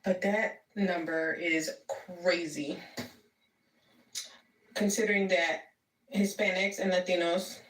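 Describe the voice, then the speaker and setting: A Mexican woman talks frankly in a casual monologue, dropping easy fillers as she goes. Her voice sits low and reaches the mic from a distance. The clip sounds roomy. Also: steady tone, slow pace, long pauses.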